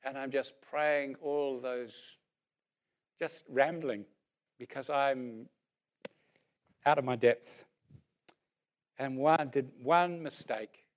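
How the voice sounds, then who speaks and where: A man around sixty, preaching a sermon as a lively story and then leading a prayer, acting out what people said. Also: mid-range voice, slow, pauses often. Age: about 60. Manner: animated storyteller who acts out what people said.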